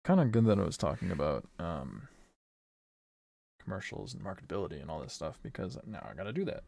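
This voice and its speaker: A man's voice: low-pitched, very animated, quick pace, gravelly, a little mellow, no echo. A man streaming casually while he works, thinking aloud in a rambling way that corrects itself, swearing and laughing often.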